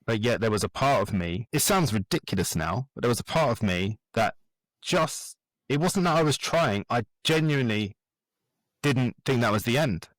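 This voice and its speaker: A man's voice: mid-range voice, moderate pace, no room sound, low-quality recording. A middle-aged man, a guest telling his story in a podcast interview and acting out what people said. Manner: animated storyteller who acts out quoted voices. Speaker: guest, transformation coach.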